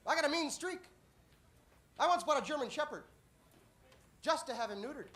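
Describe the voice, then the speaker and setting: A man doing a stand-up comedy routine on a club stage, deadpan setups that burst into shouted punchlines. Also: very high voice, moderate pace, a little hiss or hum. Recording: live club audience laughing. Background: audience laughter and applause.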